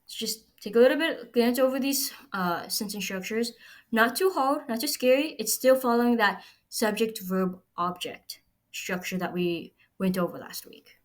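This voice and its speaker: A woman's voice: medium pitch, fairly bright tone. A woman explaining a recorded language lesson patiently, step by step. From United States. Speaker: Chinese language teacher.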